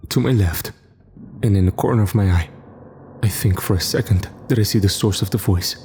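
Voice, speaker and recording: A man narrating a first-person horror story in a grave, measured way. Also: on the low side, a little mellow, a little hiss or hum. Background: faint music.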